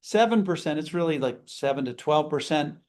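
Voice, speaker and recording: This high-pitched male instructor runs a live seminar on customer service, sounding animated, a little fast and slightly mellow. He breaks into brief role-played greetings to model a proper phone call.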